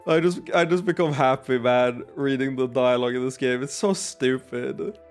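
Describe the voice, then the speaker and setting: Chatty game streamer. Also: male voice, medium pitch, moderate pace, soft background music. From Sweden. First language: Swedish. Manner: chatty and self-mocking, laughs often. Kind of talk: gameplay commentary.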